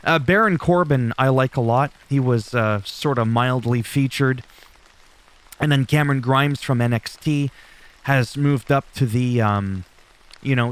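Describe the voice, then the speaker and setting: Chatty rambling man recapping a show. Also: medium pitch. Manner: rambling, chatty, loose and profane. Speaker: wrestling recap YouTuber. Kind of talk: casual show recap commentary.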